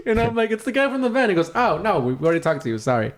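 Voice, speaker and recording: Animated, higher-voiced man telling a story. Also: rapid-fire. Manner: animated storyteller, swears often, acts out quoted voices. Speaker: podcast co-host. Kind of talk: casual storytelling chat.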